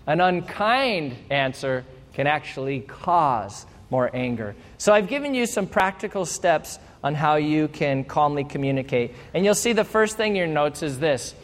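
A man with a high voice preaches to a congregation in a playful, animated way, acting out short exchanges to make each point. His voice carries a long reverb, as in a large hall. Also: moderate pace, hardly any pauses. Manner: animated, playful, acts out little quoted exchanges. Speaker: pastor. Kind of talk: sermon.

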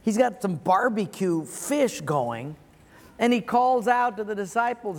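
High-voiced pastor preaching in a hall. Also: male voice, lively intonation, measured pace. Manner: earnest, storytelling, chuckles at his own punchline. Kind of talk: sermon with storytelling. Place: large auditorium.

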